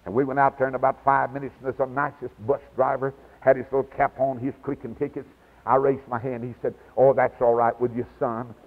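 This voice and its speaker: Husky evangelist on tinny church tape. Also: male voice, mid-range voice, level tone, brisk. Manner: storytelling preacher, swings from hushed to hollering. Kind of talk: revival sermon. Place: church sanctuary.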